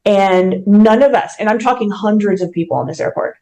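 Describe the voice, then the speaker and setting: A woman's voice: mid-range voice, fairly quick, mellow, poor audio. A woman being interviewed as a guest, earnestly telling a personal story with vivid detail. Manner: earnest, emotional, vivid retelling. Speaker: mortgage company president, podcast guest.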